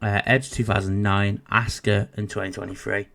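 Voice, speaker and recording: Male podcast co-host, lower register, casual banter and list reading. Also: flat delivery, fairly quick, creaky, sharp tone. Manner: joking, swears casually, reads out lists.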